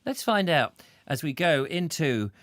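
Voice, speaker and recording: Male host, chatty and goofy, lively fairly high voice. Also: a little slow, no room sound, studio quality. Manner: rambling, playful, stumbles over names and jokes around. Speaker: show host. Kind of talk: chatty live-stream banter.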